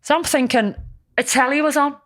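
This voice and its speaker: A woman's voice: high-pitched, a little fast, fairly bright tone, no echo, studio quality. A woman, casually telling a story on a podcast, rambling with lots of ums and restarts. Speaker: podcast co-host.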